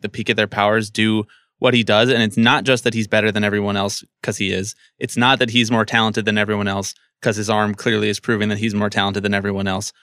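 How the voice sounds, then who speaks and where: A man's voice: lowish voice, pushed and bright, no room sound, clean studio sound. A young man on a podcast in casual chat, jokey and teasing, speaking with emphasis. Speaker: podcast panelist.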